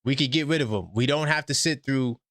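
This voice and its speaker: A man hosting a live call-in sports show, talking fast and exasperated in slangy casual speech. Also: mid-range voice, fairly bright tone, no room sound, studio quality.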